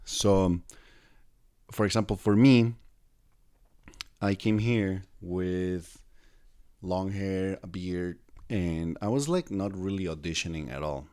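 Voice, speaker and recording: A man's voice: low-pitched, slow pace, pauses often, darkish tone, clear, resonant tone. A man from Mexico hosting a podcast, chatting casually and prompting his guest with questions. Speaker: podcast host. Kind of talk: casual interview chat.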